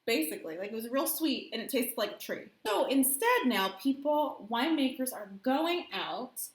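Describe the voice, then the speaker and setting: A woman with a lively, animated voice that swings up and down as she jokes through a wine tasting. She rambles loosely while she explains things. She is recorded in an echoey room. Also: high-pitched, normal speed. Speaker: co-host. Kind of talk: casual wine review chat.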